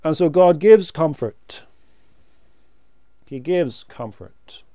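A man delivers a sermon at an unhurried pace, his voice a touch higher than most men's and mellow. His tone is smooth and resonant, and the recording is close and dry. He stresses key words and lets phrases fall away quietly. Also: lively intonation, dry recording. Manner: slow, emphatic preaching with rising and falling emphasis. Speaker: preacher.

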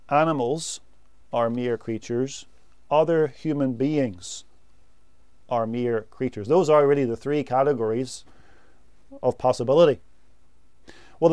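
A man delivers a sermon at an unhurried, deliberate pace, pressing his points home by repeating key words. His voice is warm, dark and smoothly resonant. The recording is close and dry. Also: medium pitch, no echo. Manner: slow, measured doctrinal teaching with emphatic repetition. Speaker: preacher.

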